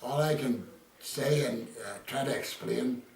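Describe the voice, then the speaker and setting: A man's voice: medium pitch, a little slow, gravelly, a little hiss or hum. An older Irish man being interviewed, telling rambling stories full of quoted dialogue. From Ireland. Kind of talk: casual storytelling. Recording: echoey room, distant mic, faint ambience.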